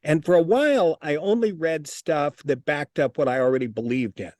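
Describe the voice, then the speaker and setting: A man in a casual interview, telling stories in an animated, profane way and repeating his words. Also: a little high, normal speed, dry recording, studio quality. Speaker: interview guest.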